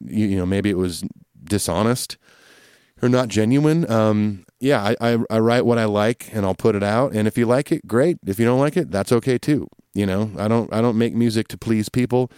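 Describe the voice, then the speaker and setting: Easygoing low-voiced man hosting a podcast. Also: mellow, smooth, dry recording, clean studio sound. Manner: easygoing and rambling, with many fillers and restarts. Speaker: podcast host. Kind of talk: casual chat answering listener questions.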